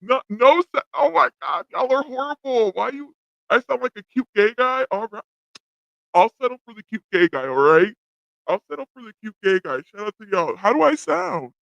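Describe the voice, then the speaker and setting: A woman's voice: on the high side, animated, normal speed, gravelly, a bit bright, dry recording, lo-fi sound. A woman livestream host speaking through a voice changer that makes her sound like a young man, giggling and quizzing her chat about how she sounds. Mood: amused. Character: a cute young man's changed voice. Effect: male-sounding voice changer filter.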